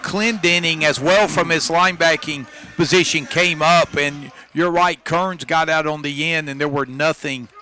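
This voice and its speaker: A man adds color commentary between plays of a high school football game and explains why each one worked. His voice sits a bit high and sounds bright. He talks in an analytical, agreeable way. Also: steady tone, moderate pace, few pauses. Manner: analytical, agreeing with the play caller.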